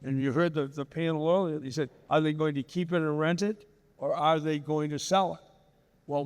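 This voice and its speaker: A man on a real estate panel explaining a point, with a few restarts. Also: fairly high pitch. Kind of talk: live panel talk. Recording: reverberant hall sound.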